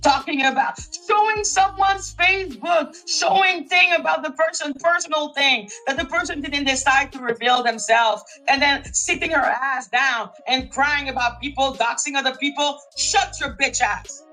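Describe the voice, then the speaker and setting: Shrill, scornful woman ranting. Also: normal speed, hardly any pauses, bright, forceful tone, faint music behind, low-quality recording. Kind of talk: angry livestream rant.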